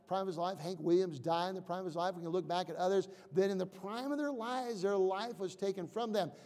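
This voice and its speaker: High, gravelly-voiced preacher man. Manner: preaching with repetitions and acted prayers; drops to a hush for prayers, rises loud when driving a point. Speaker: pastor. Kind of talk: sermon. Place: church sanctuary. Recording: reverberant church hall.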